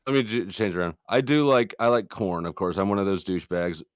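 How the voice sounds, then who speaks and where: A man's voice: low voice, brisk, no room sound, clean studio sound. A middle-aged man arguing his views as a guest in a casual stream debate. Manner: argumentative, opinionated.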